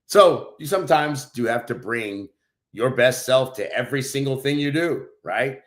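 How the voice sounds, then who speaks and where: Loud brash guy on a podcast, swears a lot, telling stories. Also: medium pitch, expressive, moderate pace. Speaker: podcast co-host. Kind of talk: casual chat, storytelling.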